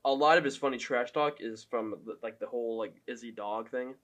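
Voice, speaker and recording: Young man, fan commentary, casual, profane, laughing, mid-pitched voice. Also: brisk, hardly any pauses, fairly bright tone. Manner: loose, profane, laughing, filler-heavy.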